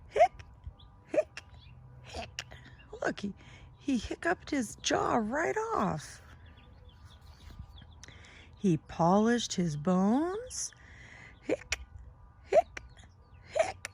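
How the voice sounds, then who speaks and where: A middle-aged woman reading a picture book aloud to young children, gentle and sing-song, pointing out the pictures as she goes. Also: medium pitch, gravelly, slightly rough. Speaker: children's storytime reader.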